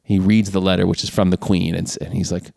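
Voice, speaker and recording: Animated man retelling a film. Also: deep voice, quick pace, gravelly, dry recording, studio quality. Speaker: podcast co-host. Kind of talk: casual chat.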